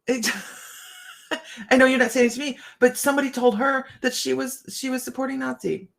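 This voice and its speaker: A woman's voice: high-pitched, steady tone, brisk, creaky. A woman hosting a casual morning livestream chat, chatting to viewers, often laughing and restarting her sentences. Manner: frequent restarts and stammers. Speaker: psychic livestream host.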